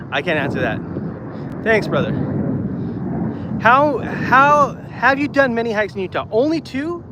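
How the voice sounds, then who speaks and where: A man's voice: high voice, muffled recording, heavy background noise. Breathless man chatting on a walking stream. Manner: loose, repeats himself, chatty with viewers. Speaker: streamer doing a walking livestream. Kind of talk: casual chat reading live comments. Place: outdoors walking on gravel. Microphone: phone mic, no external mic.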